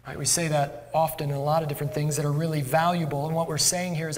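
A man's voice: a little high, flat delivery, fast, hardly any pauses, a little hiss or hum. A male pastor preaching a sermon in a church, conversational and self-deprecating. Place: church sanctuary. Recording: long church hall reverb.

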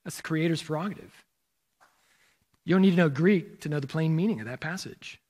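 A man's voice: on the high side, fairly quick, a little mellow. A man preaching a sermon as pastor, explaining scripture and asking rhetorical questions as he tells listeners where to turn in their Bibles. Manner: expository, poses rhetorical questions.

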